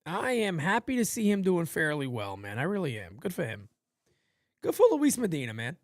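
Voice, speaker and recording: Man, fan play-by-play host, rambling, swears, lively pitch, dry sound. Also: normal speed, no echo. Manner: rambling, swearing, easygoing banter between pitches. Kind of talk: casual live play-by-play with chat.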